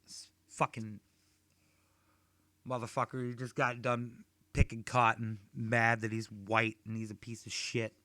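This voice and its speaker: Profane rambling stand-up comic. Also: male voice, medium pitch, monotone, measured pace, sharp tone, no echo. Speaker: stand-up comedian. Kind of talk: stand-up comedy set.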